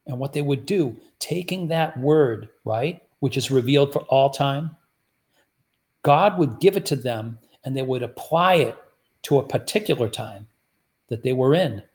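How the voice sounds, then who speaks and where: A man's voice: medium pitch, animated, measured pace, darkish tone. A man preaching a sermon, teaching through rhetorical questions he puts to his listeners. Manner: rhetorical, repeatedly asks the audience "guess what".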